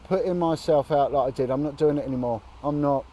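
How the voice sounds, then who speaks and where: A man's voice: on the high side, fast talker, warm tone. Indignant man talking outdoors by traffic. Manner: earnest and indignant, with blunt swearing. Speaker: vlogger on a long charity walk. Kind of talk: casual outdoor chat to camera. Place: outdoors, sitting on a bench by a road.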